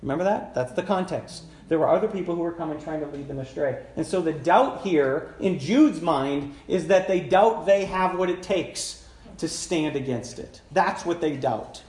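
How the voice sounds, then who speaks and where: A male pastor preaching in a roomy church, his voice a touch higher than most men's. He talks to the congregation in a loose, conversational way and keeps asking them questions. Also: animated, normal speed, a little mellow. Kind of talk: sermon. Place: church sanctuary.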